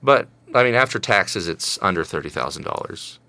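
Low-voiced young man in casual chat. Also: lively intonation, moderate pace, bright, forceful tone, no room sound. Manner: chatty, self-deprecating, slips into mock voices. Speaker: podcast co-host.

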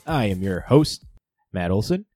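A man's voice: lowish voice, unhurried, dry recording, soft background music. Guy hosting a chatty podcast, voice jumps up and down a lot, dry close mic. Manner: lively, swears and laughs often. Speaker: podcast host. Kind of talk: casual chat.

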